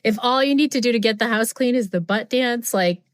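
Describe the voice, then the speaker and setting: A woman's voice: fairly high pitch, fairly quick, no echo, studio quality. A woman hosting a conversation on stage, responsive and playful, laughing along with her guest. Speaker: podcast host. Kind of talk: conversational interview.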